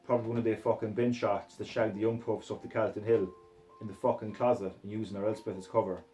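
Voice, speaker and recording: A man's voice: lowish voice, flat delivery, quick pace, dark tone, faint music behind, poor audio. A man reading a crude novel aloud in a put-on Scottish accent, in a profane, aggressive first-person voice. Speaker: reader.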